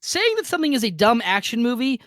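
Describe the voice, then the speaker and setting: A podcast co-host making points in casual, argumentative chat. They talk in quick bursts at an average pitch. The sound is dry and close, over a voice chat app. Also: big pitch swings, a bit bright, no room sound. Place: home, talking over an online voice call. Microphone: computer mic on a voice chat app.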